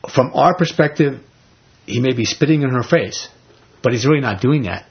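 A man's voice: mid-range voice, animated, moderate pace, husky, dull audio. A man leading an informal Bible study. He retells scripture in everyday speech and keeps asking the group rhetorical questions.

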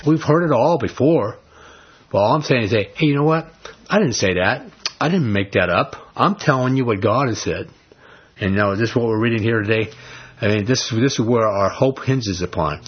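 Male pastor, emphatic, plainspoken sermon delivery, husky tone, dull recording. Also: mid-range voice. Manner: blunt, emphatic preaching with casual slang.

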